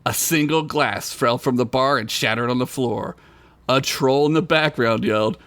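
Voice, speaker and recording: A man's voice: medium pitch, lively intonation, moderate pace, fairly bright tone. A man co-hosting a podcast, reading his own comedic story aloud and laughing at his own jokes.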